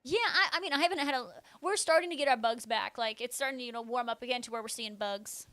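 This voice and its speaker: A woman's voice: fairly high pitch, fast, a bit bright, clean tone, dry recording, faint music behind. A woman livestreamer casually chatting and answering her chat, full of "like" fillers and bursts of surprise.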